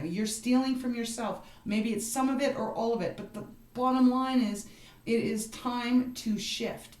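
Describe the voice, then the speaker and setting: A woman's voice: medium pitch, a little mellow, echoey room. A woman giving a tarot reading for a star sign, talking straight to the listener in an earnest, encouraging way and often adding "you know" and "right". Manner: repeats herself, with frequent "you know" and "right". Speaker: tarot card reader.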